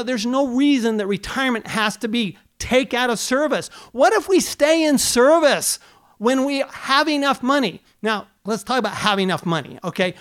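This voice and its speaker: A man's voice: extremely high pitch, fairly bright tone. A man who is an accountant hosting a podcast, talking in an earnest coaching way and firing off rhetorical questions. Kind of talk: motivational podcast talk.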